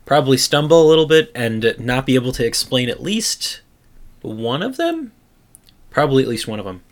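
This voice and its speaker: A man's voice: mid-range voice, sing-song, moderate pace. A man hosting a casual podcast, joking and rambling as he reads out gaming news. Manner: joking, rambling, with frequent restarts and bursts of laughter. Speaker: podcast host reading the news segment. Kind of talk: casual chat.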